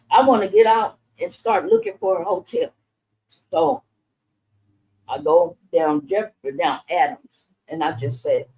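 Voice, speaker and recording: A woman's voice: on the low side, mellow, rough recording. Frank middle-aged woman telling her story. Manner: frank and conversational, with frequent restarts and vivid retelling. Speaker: mother telling her life story to her son. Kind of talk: candid personal storytelling in conversation.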